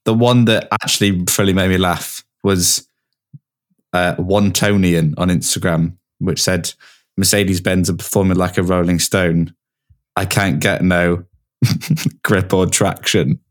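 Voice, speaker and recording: Brief: British man, podcast co-host, very deep voice, dry asides. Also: steady tone, measured pace. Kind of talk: casual chat.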